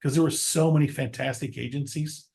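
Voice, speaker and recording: A man who leads an insurance agency, speaking as a guest in a relaxed podcast chat with stammering restarts. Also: mid-range voice, fairly quick, vocal fry. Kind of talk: casual podcast conversation.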